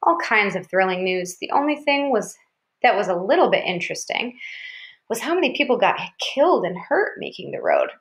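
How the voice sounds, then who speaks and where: A woman reading a novel aloud as first-person narration, in an even, steady manner. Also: medium pitch, moderate pace. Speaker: audiobook reader.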